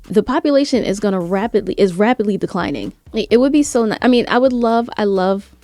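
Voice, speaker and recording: Earnest woman vlogger, mellow dry voice. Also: medium pitch, a little fast, no echo. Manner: earnest, conversational, with frequent "like" and restarts. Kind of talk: casual commentary vlog.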